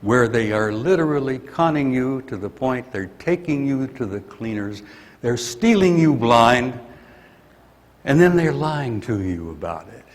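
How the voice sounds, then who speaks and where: A man's voice: medium pitch, animated, unhurried, long reverb tail. An older man giving a blunt, grumpy conference talk and venting his anger. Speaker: conference speaker. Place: conference hall.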